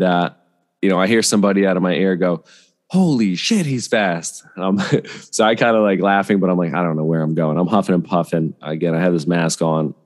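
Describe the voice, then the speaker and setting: A very deep-voiced man spinning a casual, rambling story, peppered with "you know" and "right?" asides. His voice carries a long reverb tail, as if recorded in a large, live room. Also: darkish tone. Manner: chatty, rambling, many fillers and asides. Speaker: podcast host telling a travel story.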